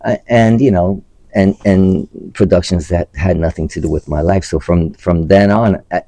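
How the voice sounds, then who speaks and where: An older theater director speaks in an interview, earnest and emphatic, pausing on fillers as he searches for words. His voice sits on the low side with a gravelly texture. The recording is dry and close. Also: fairly even intonation, mellow, dry recording. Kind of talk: casual interview talk.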